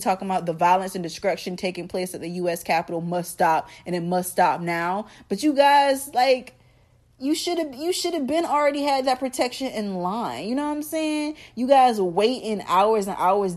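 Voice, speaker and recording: A woman's voice: medium pitch, a little mellow. A young woman hosting a solo podcast, talking casually and animatedly to her listeners in a slangy, chatty way. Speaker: podcast host.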